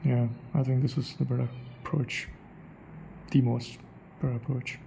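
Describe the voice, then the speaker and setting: A man's voice: mid-range voice, little pitch movement, moderate pace, gravelly, a little hiss or hum, low-quality recording. A young man thinking aloud in a casual monologue, repeating phrases as he tries out a way of speaking. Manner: muses aloud, repeats phrases to try them out. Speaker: accent practice vlogger.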